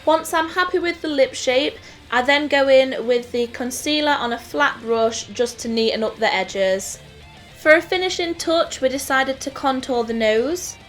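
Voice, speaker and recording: A woman's voice: high-pitched, unhurried, a bit bright. Midlands woman narrating a makeup tutorial. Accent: English Midlands (Nottingham). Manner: clear step-by-step explaining. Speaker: makeup artist host. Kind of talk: scripted tutorial voice-over. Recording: voice-over with faint music.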